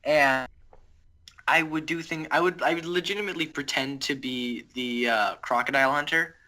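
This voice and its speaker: A man's voice: a little high, normal speed, pushed and bright. A young man on a podcast call, telling a scattered, self-correcting story over a handheld device. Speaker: podcast co-host. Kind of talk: casual chat. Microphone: talking through a handheld device on a call.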